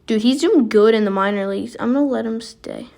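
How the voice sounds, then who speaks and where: A woman giving casual, excitable commentary while playing a basketball video game, reacting aloud as she goes. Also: a little high, brisk, vocal fry. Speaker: gaming video creator.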